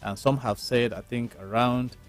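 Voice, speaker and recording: A man, a lawyer on a panel, explaining his views in a measured, lecturing way. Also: mid-range voice, fairly even intonation, faint music behind. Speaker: lawyer guest. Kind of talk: panel discussion.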